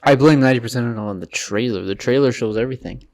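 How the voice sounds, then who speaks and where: A man co-hosting a casual movie podcast, talking in an animated, agreeable way. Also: medium pitch, very fast. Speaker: podcast co-host. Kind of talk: casual chat.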